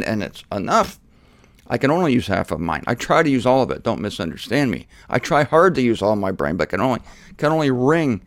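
A man with a gravelly, creaky voice gives a scripture lesson straight to camera. He is sarcastic and scoffing, jumping from loud jabs to muttered asides. The sound is dry and close. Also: medium pitch, no room sound. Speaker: Bible teacher. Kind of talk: Bible teaching monologue to camera.

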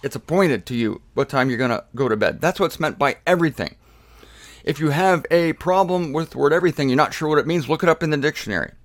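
A man's voice: fairly high pitch, expressive, fast talker. A man giving casual, playful commentary on a Bible verse, repeating words for emphasis. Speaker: Bible teacher. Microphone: camera in a laundry room.

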